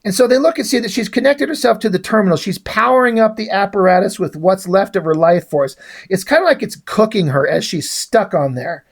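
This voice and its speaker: A man's voice: high-pitched, brisk, creaky. A man casually reviewing a comic book, rambling, blunt and swearing freely.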